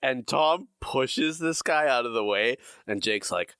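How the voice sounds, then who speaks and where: A man's voice: mid-range voice, expressive, unhurried, bright, forceful tone, clean tone, no echo, studio quality. A man co-hosting a casual podcast, chiming in with wry jokes about a TV episode. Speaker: podcast co-host.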